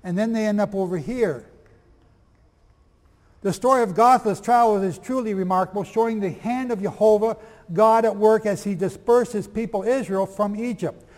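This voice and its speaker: A man teaching a lively sermon, reading aloud from old texts and firing questions at his audience. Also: high voice, in a large hall. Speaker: preacher.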